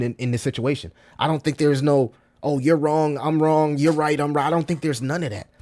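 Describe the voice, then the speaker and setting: A man's voice: mid-range voice, a little mellow. A man talking casually to his livestream chat, full of slang, repeating himself and calling listeners bro. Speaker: crypto livestreamer.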